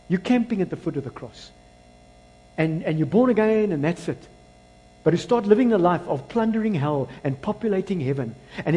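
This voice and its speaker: A South African pastor delivers a sermon, moving between loud exclamations and quiet, low asides while slipping in Afrikaans phrases. The audio quality is poor.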